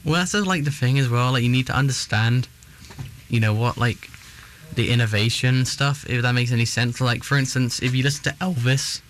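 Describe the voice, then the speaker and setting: A man's voice: medium pitch, moderate pace, fairly bright tone, slight background noise. A young man from England with an English accent, co-hosting a casual chat and rambling with many fillers. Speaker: co-host.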